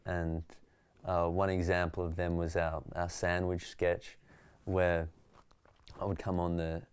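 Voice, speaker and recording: Australian comedian guest, deep and smooth-voiced, easy storyteller, dry close sound. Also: male voice, measured pace, no echo. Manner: relaxed, storytelling, reflective. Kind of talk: interview conversation.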